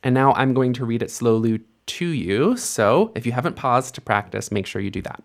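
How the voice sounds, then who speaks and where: A young man teaching Biblical Hebrew, explaining letters patiently step by step and slowing down to read verses aloud. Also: medium pitch, expressive. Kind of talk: instructional lesson with slow read-aloud.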